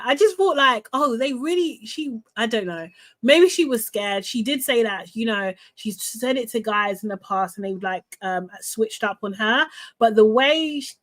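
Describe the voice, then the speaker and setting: A woman host chatting live to her viewers, animated and laughing often, with lots of fillers. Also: medium pitch. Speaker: host recapping a reality show. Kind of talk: live casual chat to viewers.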